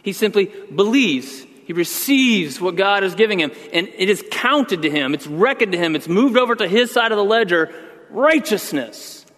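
Male pastor preaching; earnest, emphatic teacher, slightly high voice, reverberant sanctuary. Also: a bit bright. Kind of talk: sermon.

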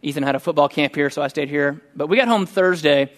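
A middle-aged man preaching a sermon, telling a personal story in a conversational, animated way. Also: fairly high pitch, fast talker. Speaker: pastor.

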